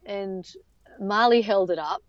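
A woman's voice: mid-range voice, a little slow, no echo. A woman, telling her story as an interview guest in a chatty way full of fillers and restarts. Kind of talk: casual storytelling. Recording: dull lo-fi sound.

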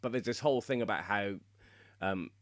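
A man's voice: lowish voice, brisk, dry recording, clean studio sound. A man co-hosting a podcast, explaining lore in casual chat and laughing often. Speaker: podcast co-host.

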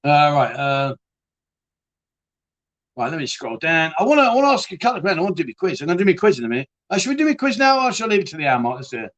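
A man's voice: on the high side, very animated, rapid-fire, a bit bright, highs cut off. A man hosting a casual live-stream chat show, reading out viewer comments and answering them bluntly, swearing freely and restarting his sentences often.

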